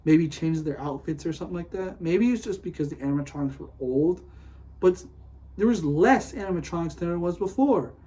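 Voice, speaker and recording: A man hosting a casual solo podcast, rambling excitedly with lots of "like" and "dude", gushing one moment and griping the next. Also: on the high side, a little fast, rough recording. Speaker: podcast host.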